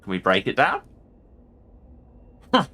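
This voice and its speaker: A man's voice: medium pitch, huge pitch swings, takes it slowly, sharp tone, husky. A man hosting a let's play and giving playful, jokey commentary on the game. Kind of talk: casual gameplay commentary.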